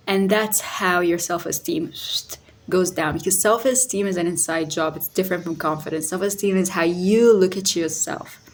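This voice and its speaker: A woman talking casually to her phone camera, explaining her ideas in an unhurried, thoughtful way and now and then slipping into sassy quoted voices. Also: medium pitch. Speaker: vlogger on narcissism and recovery. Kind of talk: casual talking-head vlog.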